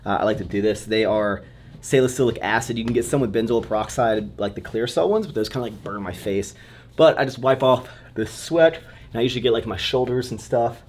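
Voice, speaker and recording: A man's voice: mid-range voice, a little fast, slight background noise. A young man in his twenties, a fitness vlogger talking casually to a handheld camera, upbeat and rambling with plenty of fillers. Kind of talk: casual vlog chat. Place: gym, office and car.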